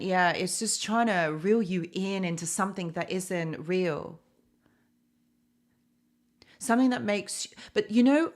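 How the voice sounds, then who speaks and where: A woman hosting a live stream, talking casually to her chat, with many fillers and tag questions. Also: medium pitch.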